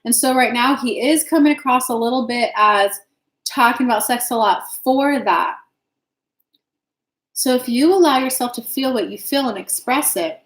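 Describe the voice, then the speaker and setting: A woman's voice: on the high side, normal speed, reverberant, low-quality recording. A woman hosting a live stream as an intuitive reader, giving frank, casual advice and answering viewers' questions by name, swearing now and then.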